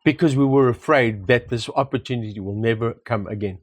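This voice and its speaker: This man co-hosts a property market discussion, with a medium-pitched, brisk voice on a dry recording. His talk is a casual conversation, reflective and full of anecdotes, and he repeats words for emphasis.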